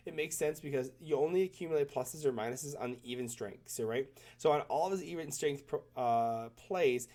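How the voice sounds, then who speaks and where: A man's voice: a little high, darkish tone. Stuffy-nosed man rambling about stats. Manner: rambling, self-correcting, enthusiastic. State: stuffed up with a cold. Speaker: hockey commentator. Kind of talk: casual screen-share commentary.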